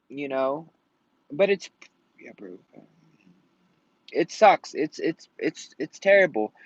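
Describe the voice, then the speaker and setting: A man's voice: fairly high pitch, fairly bright tone, no echo. A man venting in a casual vlog rant, rambling and swearing often out of frustration. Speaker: vlogger. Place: at home in Colorado. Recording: dull lo-fi sound.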